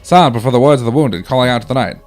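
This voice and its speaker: A man's voice: mid-range voice, lively intonation, racing, a little mellow, natural voice. A man reading a wounded soldier's letters aloud in an old-timey, put-on British voice. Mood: somber. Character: wounded young male WWI soldier writing letters.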